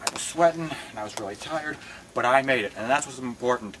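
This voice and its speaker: A man talking in a lowered, self-important way in an improvised comedy sketch. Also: fast, a bit bright, slight background noise, low-quality recording. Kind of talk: improvised comedy web series.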